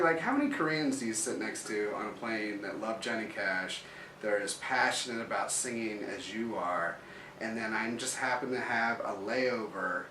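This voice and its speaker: A man's voice: lowish voice, bright, forceful tone, slight background noise. Rambling man in an echoey room. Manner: rambling, full of "like" fillers and restarts. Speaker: interviewee telling his story. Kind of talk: casual storytelling. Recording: roomy echo, mic at a distance.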